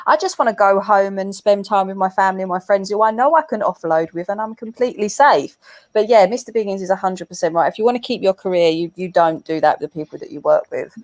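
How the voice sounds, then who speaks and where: A woman's voice: medium pitch, fast talker. A woman chatting as a livestream guest, telling stories. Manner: chatty, storytelling. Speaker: teacher and guest. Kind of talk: casual chat.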